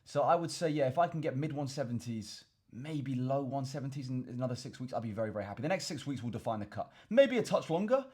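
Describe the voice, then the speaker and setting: A young Englishman with a mid-range, slightly rough and a little mellow voice talks fast with lively intonation and barely pauses. He's a fitness coach and vlogger doing a casual Q and A to camera, rambling, repeating words and calling his viewers "chaps."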